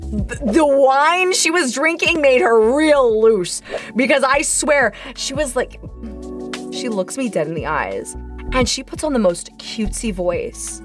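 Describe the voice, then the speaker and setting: A woman telling a convention story in an animated, oversharing way, full of fillers and stammers. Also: sits high. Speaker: VTuber storyteller. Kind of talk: casual storytelling chat.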